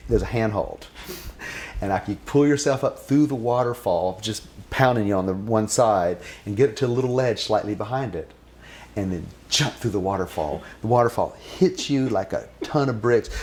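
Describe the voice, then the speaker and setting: A man telling a personal story, shifting between animated, laughing recollection and a soft, hushed, reflective tone. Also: fairly low pitch. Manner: animated, laughing, acts out voices when excited. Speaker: devotee recounting a story.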